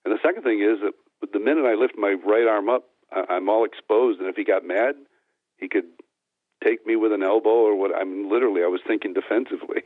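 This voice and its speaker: A man's voice: on the low side, fast talker, no room sound. A man giving an earnest personal testimony as an interview guest, telling it step by step with frequent restarts. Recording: tinny phone-like dry sound.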